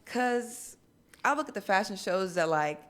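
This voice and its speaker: A woman's voice: mid-range voice, lively intonation, unhurried, a bit bright. A young woman from Maryland chats as an interview guest. She sounds easygoing and at ease. She peppers her sentences with "like.". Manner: laid-back, says "like" often. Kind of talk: casual interview chat.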